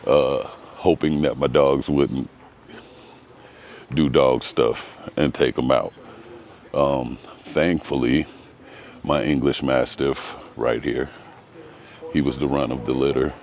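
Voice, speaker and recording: A man's voice: rumbling low, fairly even intonation, slow pace, pauses often, a little mellow, a little hiss or hum. A man giving a casual vlog walk-through of his home garden outdoors, talking in a hesitant, rambling way with frequent ums. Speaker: gardening vlogger.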